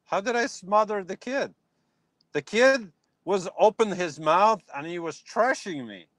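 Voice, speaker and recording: Speaking a little slowly in a high voice with no echo, a man chats casually on a live stream from his phone. He's outside in a yard at dusk, animated and responding to viewers' chat comments.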